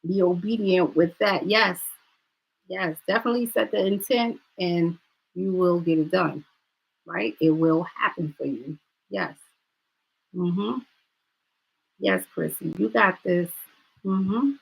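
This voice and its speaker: A woman's voice: lowish voice, slow pace, creaky, long pauses, breathy edge, low-quality recording. A woman giving a card reading on a live stream, talking straight to viewers and reassuring them in casual chat.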